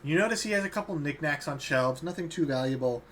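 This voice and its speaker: A man's voice: a little high, expressive, quick pace, fairly bright tone, a little hiss or hum. A young man running a tabletop game as dungeon master, narrating in a loose, casual way and laughing easily.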